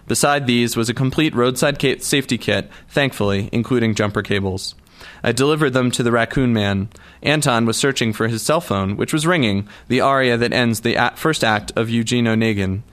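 A man's voice: mid-range voice, fairly bright tone. Man narrating a wry audiobook. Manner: wry, dry first-person storytelling.

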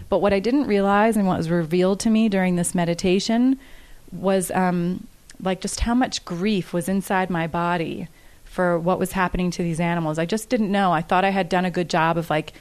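A woman's voice: on the low side, fairly even intonation, moderate pace, a little mellow, clean tone. A woman speaking casually and earnestly to an audience, repeating each question aloud before she answers it.

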